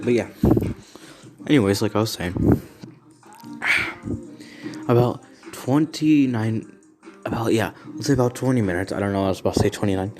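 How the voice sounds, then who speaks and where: Young man narrating a fan story, low voice, rambling, music behind. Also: dark tone. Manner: rambling, self-correcting.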